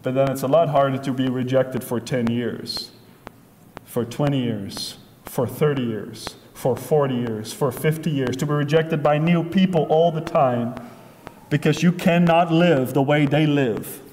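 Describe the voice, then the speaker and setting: A man's voice: mid-range voice, measured pace, a little mellow, a little hiss or hum. A man preaching a sermon, emphatic and repetitive, piling up phrases for effect. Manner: emphatic, repetitive, acts out voices in asides. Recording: long reverb of a large hall.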